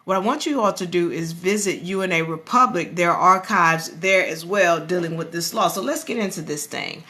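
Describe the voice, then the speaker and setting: A woman hosting a live stream about law, talking to her viewers in a chatty, animated way and sometimes breaking into sing-song. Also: on the low side, normal speed, few pauses. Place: live social-media stream. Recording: live stream with music playing behind.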